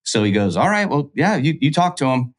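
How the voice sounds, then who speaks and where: A quick-talking man spinning a business story in a relaxed, chatty way. He rattles off the numbers and slips into the voices of the other people in the story as he quotes them. His pitch sits in the middle range. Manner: animated, acts out quoted dialogue. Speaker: real estate investor guest. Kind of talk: casual storytelling.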